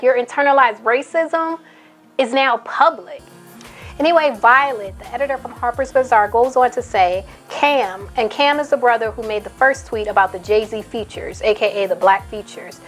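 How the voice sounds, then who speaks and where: An outspoken woman, a mother, giving casual commentary on a YouTube channel, reading posts aloud and repeating points for emphasis. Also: fairly high pitch. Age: adult, a mother.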